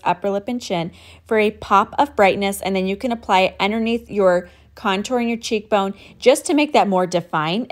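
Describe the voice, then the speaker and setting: A woman talks through her makeup routine step by step, upbeat and instructive as she works. Her voice sits at an ordinary middle pitch. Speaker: makeup tutorial host.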